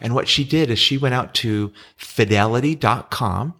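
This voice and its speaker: A man's voice: mid-range voice, normal speed, fairly bright tone. Patient middle-aged man explaining money. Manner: patient explainer, restarts often. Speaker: podcast co-host explaining investing. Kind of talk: casual podcast chat.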